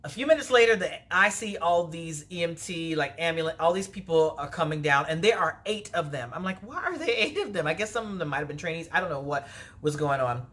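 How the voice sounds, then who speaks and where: A woman telling a personal story in a vlog, animated and lively, her voice leaping up when she replays her own words. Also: sits low, a little fast. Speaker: vlogger.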